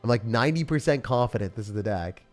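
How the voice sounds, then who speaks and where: A young man giving live commentary as he plays and rates card decks, excitable, with loud outbursts and laughter. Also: mid-range voice, fast talker. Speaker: streamer playing and rating decks. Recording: faint music behind.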